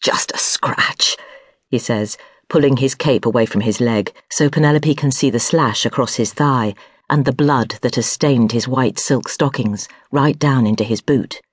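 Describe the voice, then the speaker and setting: Husky-voiced woman narrating a historical novel. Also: extremely low pitch, normal speed, a little mellow, no room sound, studio quality. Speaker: audiobook narrator.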